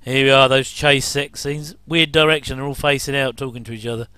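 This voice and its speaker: A man's voice: medium pitch, steady tone, fairly quick, pushed and bright, clean tone, dry recording. A middle-aged man giving a chatty, jokey commentary over a TV episode. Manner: chatty, jokey asides with chuckles. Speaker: commentary host. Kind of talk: casual watch-along commentary.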